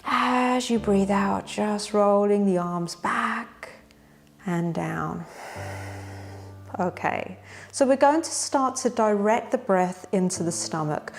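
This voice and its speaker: A woman leads a gentle yoga class with slow, calm instructions. Her voice is soothing and steady as she guides each breath and stretch. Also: mid-range voice.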